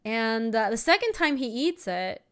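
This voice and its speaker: A young woman streamer chatting casually while playing a card game, telling an animated story with laughing asides. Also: on the high side, normal speed. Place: home streaming setup.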